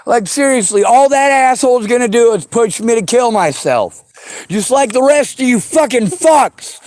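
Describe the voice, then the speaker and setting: High-pitched man in a furious rant. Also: lively intonation, normal speed, no echo. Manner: furious, swearing, often shouting. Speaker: vlogger. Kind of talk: angry profane rant.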